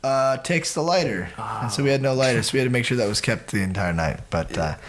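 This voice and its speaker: Young male podcast host, animated storyteller, wide pitch range, faint background noise. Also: fast talker. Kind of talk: casual storytelling chat.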